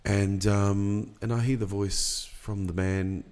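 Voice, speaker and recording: A middle-aged man with a deep, gravelly voice tells a personal story in a relaxed podcast conversation. He talks in an unhurried, reflective way, pausing often with ums as he gathers his thoughts. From Australia. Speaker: podcast guest. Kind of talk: storytelling in casual chat.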